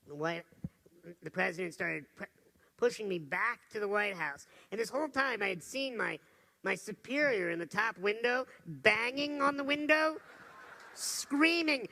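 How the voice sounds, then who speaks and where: Brief: male motivational speaker on stage, lively storyteller, gravelly bright voice. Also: high-pitched, normal speed. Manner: energetic, humorous storytelling. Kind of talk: motivational talk to a live audience. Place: stage before an audience.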